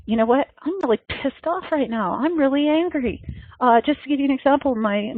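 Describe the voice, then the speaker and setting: A woman's voice: medium pitch, no room sound. Earnest woman teacher over a tinny line. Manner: earnest and flowing, often repeating and restarting phrases. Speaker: spiritual teacher leading a meditation gathering. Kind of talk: meditative spiritual talk. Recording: dry, tinny phone-like sound.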